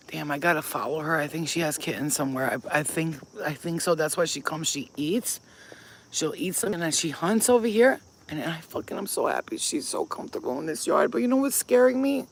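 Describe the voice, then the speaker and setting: A woman's voice: deep voice, animated, a little fast, a little hiss or hum, rough recording. A woman who is a spiritual healer, chatting casually and emphatically to her viewers while outdoors in a yard, swearing freely. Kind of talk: casual chat to camera.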